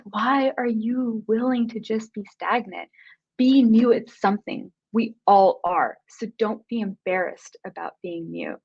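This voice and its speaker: Woman, motivational conference speaker, earnest, emotional, muffled lo-fi sound. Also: mid-range voice. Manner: earnest and emotional, quick bursts. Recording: dull lo-fi recording.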